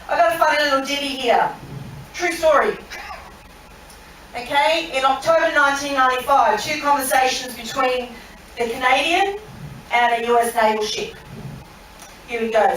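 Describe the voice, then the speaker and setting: An Australian woman with a high-pitched, fairly bright voice leads an interactive lesson in a large room on a cruise ship. She's chatty, quizzes the audience and laughs at her own story. The hall is very echoey, her voice sounds distant, and there's slight hiss or hum.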